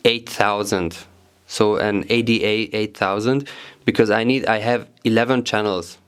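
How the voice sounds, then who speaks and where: Halting non-native man touring his gear. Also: medium pitch, clean tone. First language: German. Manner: halting, many fillers and repeated words, searching for English terms. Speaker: drummer showing his gear. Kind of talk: casual gear tour.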